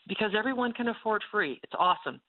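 A woman's voice: medium pitch, quick pace. Tinny-sounding woman telling a faith story. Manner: animated, acts out the voices in her story. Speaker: ranch ministry leader and speaker.

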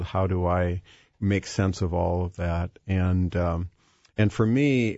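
A man's voice: low voice, darkish tone, dry recording. A man guest talking about faith in a hesitant way, with many fillers and restarts. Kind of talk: faith-based conversation. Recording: dull, dry lo-fi sound.

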